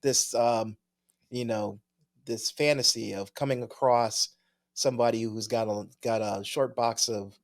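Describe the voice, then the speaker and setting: A man's voice: medium pitch, steady tone, a little slow. A man co-hosting a podcast in casual chat, easygoing, thinking aloud and chuckling often as he reads viewer mail. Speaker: podcast co-host.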